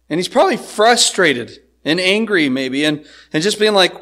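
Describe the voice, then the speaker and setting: High-voiced male pastor preaching. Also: lively intonation, moderate pace, few pauses, pushed and bright. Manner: conversational, asks the congregation "right?". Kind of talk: expository sermon.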